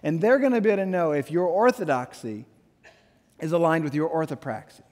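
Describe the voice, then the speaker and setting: A man in his thirties preaching a sermon, animated, with playful asides and quotes he acts out. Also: fairly high pitch, brisk, in a large hall. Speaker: pastor.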